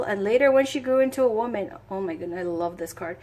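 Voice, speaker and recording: A woman's voice: medium pitch, fast talker, hardly any pauses, a little mellow. Chatty, enthusiastic woman tarot reader. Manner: enthusiastic and chatty, thinks aloud. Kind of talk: casual tarot reading with read-aloud card passages.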